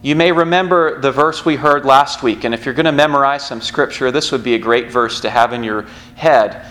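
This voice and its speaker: A man's voice: medium pitch, fairly quick, fairly bright tone. A man pastor preaching a sermon in a church, in a conversational storytelling manner with asides.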